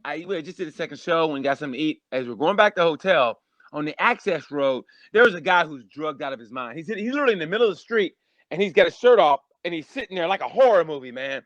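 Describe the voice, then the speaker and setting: High-energy animated man telling stories. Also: fast, no echo, lo-fi sound. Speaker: guest comedian. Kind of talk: casual podcast chat.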